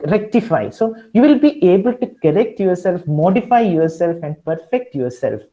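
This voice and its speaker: A man's voice: high-pitched, sing-song, moderate pace, dark tone, rough recording. A man with an Indian English accent giving a webinar lecture, coaching listeners directly and repeating key advice. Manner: repetitive, encouraging, addresses listeners directly. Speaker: guest lecturer.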